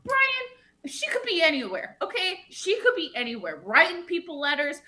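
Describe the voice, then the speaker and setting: A woman's voice: extremely high pitch, big pitch swings, normal speed, pushed and bright, full character voice. A woman improvising a flustered, rambling bride planning an island wedding, in live improv comedy. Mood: exasperated. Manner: rambling, flustered, full of fillers.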